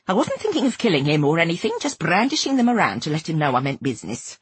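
A woman giving an expressive first-person narration of a novel. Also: fairly low pitch, fast, breathy edge, dry recording. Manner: expressive, dramatic. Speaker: audiobook narrator.

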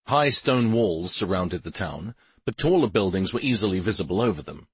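A man reading a fantasy novel aloud in steady, even scripted narration. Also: on the low side, slightly rough, no echo. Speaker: audiobook narrator.

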